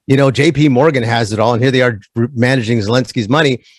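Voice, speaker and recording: A man's voice: medium pitch, fairly even intonation, fast talker, no room sound. A man who is a guest on a casual podcast, talking animatedly and slipping into mocking voices of other people.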